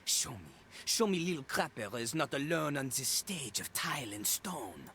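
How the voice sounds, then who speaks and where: A man's voice: medium pitch, very animated, moderate pace, pushed and bright, slight background noise. An actor playing a boastful male toilet in a video game, talking about himself in the third person with a French accent. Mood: swaggering. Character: cocky male toilet who raps, pompous French-accented.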